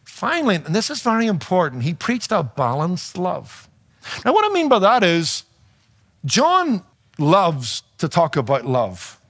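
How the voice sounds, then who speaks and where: A man preaching with a fairly high voice and a noticeable accent that is not local to his listeners. He leans hard on key words and throws rhetorical questions at the congregation, with touches of humor. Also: a bit bright. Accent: non-native to his audience, noticeable. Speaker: pastor and radio preacher. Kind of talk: sermon.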